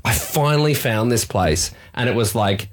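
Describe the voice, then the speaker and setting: A man's voice: medium pitch, normal speed. A man in his thirties with an Australian accent, co-hosting a podcast and telling an embarrassing story in casual chat, acting out the dialogue. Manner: animated, acts out dialogue, laughs at himself. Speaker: podcast co-host.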